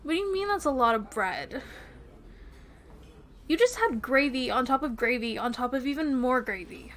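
A woman's voice: high voice, animated, normal speed, fairly bright tone, slight background noise. A woman playing a playful, teasing young girlfriend in a romantic audio role-play, giggling often.

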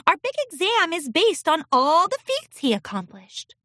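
A woman voicing a timid, sleepy little filly schoolgirl in a squeaky, earnest voice. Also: sing-song, measured pace, fairly bright tone, dry recording, studio quality, exaggerated voice.

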